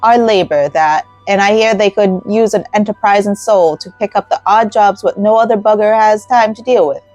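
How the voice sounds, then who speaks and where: A hearty, friendly tavern keeper, a middle-aged man read aloud by a woman. He speaks his game lines in a put-on accent that drifts as it goes. His voice sits at a middle pitch, with faint game music underneath. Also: normal speed, darkish tone, no echo, close to an everyday voice, rough recording. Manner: tries an uncertain put-on accent. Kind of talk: reading game dialogue aloud.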